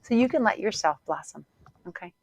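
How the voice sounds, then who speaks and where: A woman hosting a spiritual podcast, speaking in a gentle, repetitive, affirming way with soft laughs. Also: medium pitch, expressive, a little fast, vocal fry, breathy edge, dry recording. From Northern Hemisphere. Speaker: podcast host and Psych-K instructor. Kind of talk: gentle motivational spiritual talk.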